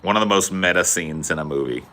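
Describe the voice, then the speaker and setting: Low, bright-voiced sardonic man. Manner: sardonic, swearing, quick asides. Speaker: podcast host. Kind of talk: casual chat.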